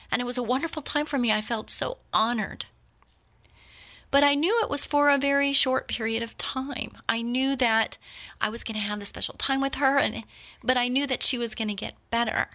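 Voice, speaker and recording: Woman in her fifties, host type, bright clear tone, earnest and reflective, talks straight to the audience. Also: a little high. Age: 50s. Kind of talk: heartfelt personal talk.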